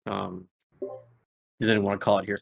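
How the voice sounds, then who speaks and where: A man's voice: lowish voice, monotone, fairly quick, vocal fry. A young man running a tabletop game as game master, rambling with many fillers and laughing at his own slips.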